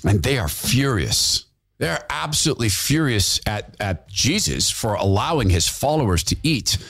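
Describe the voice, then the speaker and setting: A man's voice: medium pitch, sing-song, moderate pace, a bit bright. A man hosting a podcast, giving fervent, repetitive, preachy commentary into a studio mic. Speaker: podcast host. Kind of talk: impassioned political commentary.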